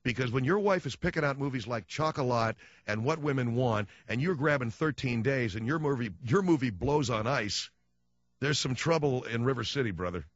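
A male radio talk host rants sarcastically through a comic monologue, his pitch swinging all over the place. The sound is dry and a bit dull, with no room around it. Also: animated, normal speed, dry recording. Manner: ranting, sarcastic.

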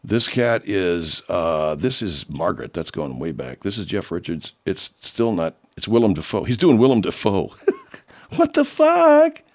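A man's voice: low-pitched, expressive, moderate pace. A man hosting a show, chatting casually and loosely while he plays listener clips, swearing freely. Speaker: show host playing listener submissions. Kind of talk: casual chat.

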